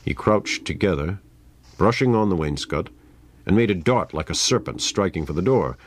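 Deep-voiced man narrating a story. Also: expressive, noisy background. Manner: measured, dramatic.

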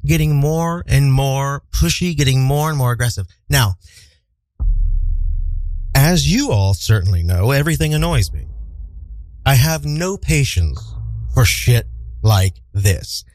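A man's voice: mid-range voice, lively intonation, a little slow, pauses often, darkish tone, dry recording, low-quality recording. A man from the American Midwest telling a story to his viewers, dry and sarcastic with frequent profanity. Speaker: vlogger. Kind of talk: casual storytelling to camera.

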